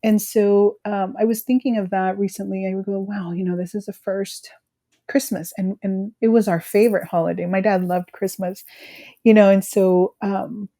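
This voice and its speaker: A woman in her thirties from California, speaking haltingly about her grief as a guest, full of "you know" fillers. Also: mid-range voice, fairly even intonation, mellow. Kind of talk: emotional personal conversation.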